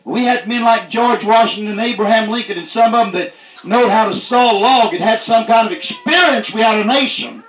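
Here the high-pitched preacher talks a little fast, delivering a fiery country sermon in plain, folksy language. He repeats "that's right" and builds to shouts on key points, his words echoing around the room.

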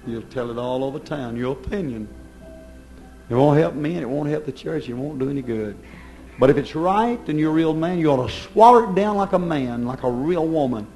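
A fiery preacher man delivers a sermon in a slightly high voice. He swings between loud, ringing proclamations and hushed, urgent pleas. Faint music plays underneath. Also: lively intonation, brisk. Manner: fervent, swings from loud declaiming to low intense pleading.

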